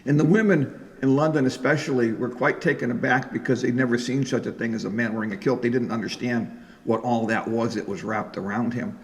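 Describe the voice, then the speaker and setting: A man's voice: medium pitch, fairly even intonation, a little fast. A man telling folk stories and leading a live sing-along in a library event room. He talks in a chatty, joking way and coaxes the audience to join in. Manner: jokey, chatty, coaxing the audience. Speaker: folk singer and storyteller. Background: guitar.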